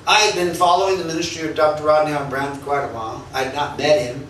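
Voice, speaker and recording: A man's voice: a little high, fairly even intonation, quick pace, a bit bright, slight background noise. A male pastor preaching and telling stories with animation, often laughing as he speaks. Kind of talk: sermon with personal storytelling. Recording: echoey church hall, mic at a distance.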